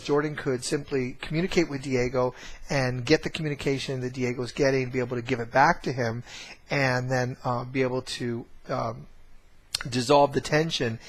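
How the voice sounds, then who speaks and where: A man casually telling a family story to camera, rambling with many fillers and restarts. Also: mid-range voice. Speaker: course trainer.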